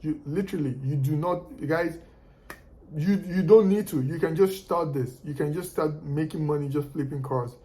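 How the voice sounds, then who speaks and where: A man's voice: a little high, moderate pace, dark tone, poor audio. A man telling a story casually to his viewers, often repeating and restarting words as he goes. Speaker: car flipper sharing tips.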